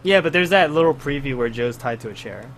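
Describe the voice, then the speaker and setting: Podcast co-host, male, bright forceful tone, animated storyteller, faint hiss behind. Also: mid-range voice, brisk. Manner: animated storytelling, acts out quotes. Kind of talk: casual chat.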